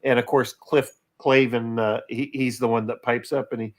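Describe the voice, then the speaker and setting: A man's voice: medium pitch, level tone, normal speed. Rambling man retelling a sitcom scene. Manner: rambling retelling with many fillers. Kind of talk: casual chat on a video call.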